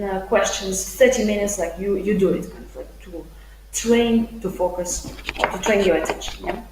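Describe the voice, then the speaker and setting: A woman's voice: medium pitch, a little mellow. Upbeat chatty woman teaching live. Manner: chatty, upbeat, full of fillers, reads viewer comments aloud. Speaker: IELTS teacher. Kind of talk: live-streamed English lesson. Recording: echoey room with faint hum.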